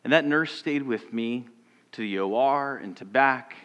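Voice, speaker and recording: A man who is a pastor, giving a sermon and telling a personal story, moving between loud passages and hushed ones. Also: mid-range voice, unhurried, clear, resonant tone, highs cut off. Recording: long church reverb.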